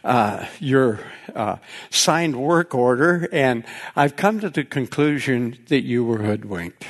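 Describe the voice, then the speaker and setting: A man's voice: mid-range voice, expressive, slow pace, voice pushed down. A male preacher voicing a courteous company manager calling him back to apologize. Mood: polite reassurance.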